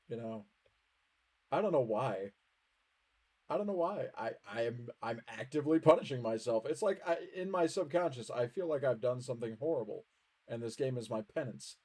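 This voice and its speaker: A man's voice: medium pitch, expressive, moderate pace, long pauses, darkish tone, husky. A man streaming a game, bantering casually with a friend in a wry, teasing way. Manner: wry, teasing, tells a bad joke with relish. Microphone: headset.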